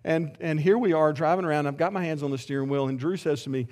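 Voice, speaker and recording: Earnest middle-aged preacher, slightly high voice. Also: male voice, fast talker, few pauses, darkish tone. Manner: earnest, heartfelt, with frequent restarts. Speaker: pastor. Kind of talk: sermon.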